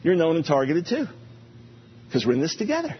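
Male preacher, husky and animated, playful repetition, muffled recording. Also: on the high side, brisk. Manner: animated, playful, repeats phrases for emphasis. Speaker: pastor. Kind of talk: sermon. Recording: dull lo-fi recording.

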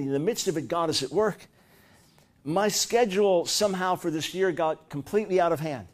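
Middle-aged male preacher, high voice, lively storyteller, punches up quoted lines. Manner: animated storytelling, rising to loud high-pitched bursts when acting out quotes. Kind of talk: sermon.

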